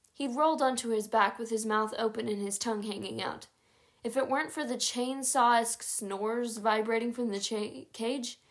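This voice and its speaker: A woman narrating a chapter book aloud in a steady, even read-aloud manner. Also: on the high side. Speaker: audiobook narrator.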